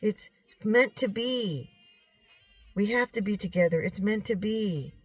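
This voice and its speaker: An earnest little boy of six or seven, pushing his point with insistence, as a woman retelling a dream puts him on. The voice jumps well above her usual pitch and slows down. Faint music lingers behind. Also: breathy edge, no echo. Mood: insistent.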